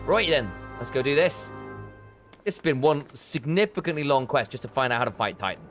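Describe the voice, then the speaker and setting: Streamer muttering thru a game, pitch all over, soft game music under. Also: animated, moderate pace. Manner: chatty, thinking aloud, trailing off with fillers. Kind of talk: casual live gameplay chat.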